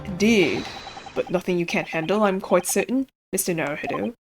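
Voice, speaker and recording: A woman's voice: lowish voice, brisk, over music, lightly acted. Woman voicing an eccentric detective, pompous, airy, theatrical, game dialogue read aloud.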